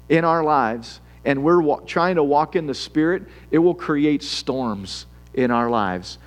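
A man preaching a sermon in an earnest, conversational way, acting out worried prayers and reading Scripture aloud. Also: a little high. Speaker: pastor.

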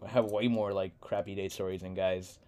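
A man's voice: low-pitched, little pitch movement, moderate pace, dark tone. A young man from San Diego hosting a podcast, talking in a laid-back, rambling way and laughing often. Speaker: podcast host. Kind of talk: casual chat.

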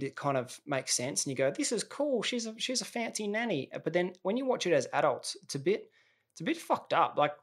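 A man, hosting a podcast in a rambling, jokey monologue that often restarts mid-sentence. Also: on the high side. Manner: rambling, self-interrupting, jokey. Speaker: podcast host. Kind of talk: casual comedic monologue.

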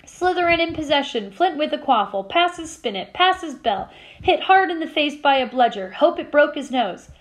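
A woman voicing an excitable teenage boy doing lively play-by-play commentary. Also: high-pitched, moderate pace. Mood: excited.

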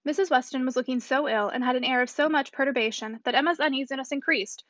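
Brisk woman reading a classic novel. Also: high voice, fairly bright tone, no echo, lo-fi sound. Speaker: audiobook reader. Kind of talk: classic novel read aloud.

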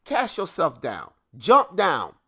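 A man preaching who voices the tempter in a slow, coaxing way. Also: a little high, huge pitch swings, pushed and bright, slightly rough, voice pushed up, full character voice.

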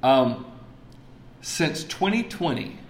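A man preaching a sermon, telling stories with lively energy and dropping to quiet emphasis. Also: mid-range voice, slow pace, roomy sound. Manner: animated storytelling, swings from loud excitement to quiet emphasis. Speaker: pastor. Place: church sanctuary.

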